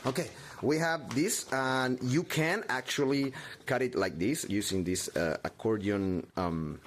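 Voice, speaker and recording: A man giving a theatrical craft tutorial, halting and melodramatic, talking to himself with mock anxiety. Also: medium pitch, slight background noise. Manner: halting, many restarts.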